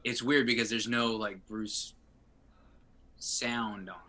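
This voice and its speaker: A young man from New Jersey chats in a casual interview, his slightly low voice carrying a sharp, very bright tone. He is laid-back and jokey, often trailing off mid-sentence. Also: fairly even intonation, slow. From Asbury Park area, New Jersey. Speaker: band frontman guest.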